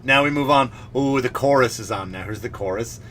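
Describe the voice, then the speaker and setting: Bright-voiced sarcastic male comedian ranting. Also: mid-range voice, fairly quick, slight background noise. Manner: sarcastic, mock-serious asides. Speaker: comedian podcast host. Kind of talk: comedic rant.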